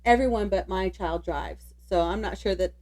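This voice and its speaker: A woman's voice: medium pitch, mellow. A middle-aged woman co-hosting a podcast, chatting easygoing and laughing along. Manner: easygoing, quick to laugh, supportive. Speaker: podcast co-host. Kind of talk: casual chat.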